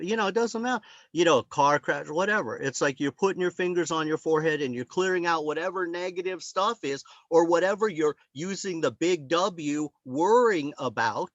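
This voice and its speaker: Rambling, slightly high-voiced man on a call. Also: fairly bright tone, no echo, lo-fi sound. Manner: rambling storyteller, acts out quoted voices. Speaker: author presenting his book. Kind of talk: casual talk on a video call. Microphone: video call.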